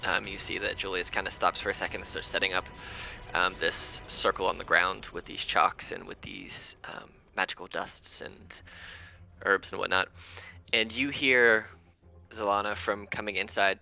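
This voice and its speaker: A man's voice: deep voice, creaky, sharp tone. A man narrating a tabletop game as game master, loose and full of ums.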